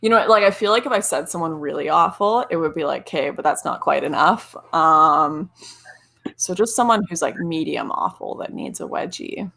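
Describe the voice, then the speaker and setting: A woman with a Canadian accent, a guest on a casual livestream interview, chatty and quick to laugh, with lots of filler likes. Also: sits low, expressive, vocal fry, pushed and bright.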